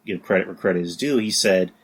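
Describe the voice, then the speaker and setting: A man hosting a podcast, talking casually in a halting way with stumbling starts and many "you know"s. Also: low voice, husky. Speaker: podcast host. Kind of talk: casual conversation.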